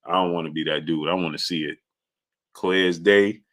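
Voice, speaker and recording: A man hosting a casual sports live stream, telling loose stories and shouting out viewers in the chat by name. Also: sits low, fairly even intonation, normal speed. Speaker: livestream sports show host.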